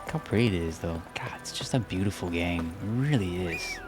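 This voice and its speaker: A man's voice: deep voice, animated, fairly quick, over music. Rambling man streaming a game. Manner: chatty, rambling, jokes along with the game. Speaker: let's play streamer. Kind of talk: casual gameplay commentary. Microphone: desk microphone.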